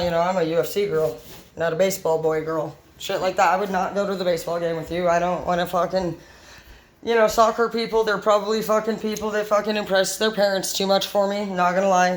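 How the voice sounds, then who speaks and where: A woman's voice: fairly low pitch, low-quality recording. A woman vlogging in a casual monologue, rambling bluntly and swearing constantly. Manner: brash and unfiltered.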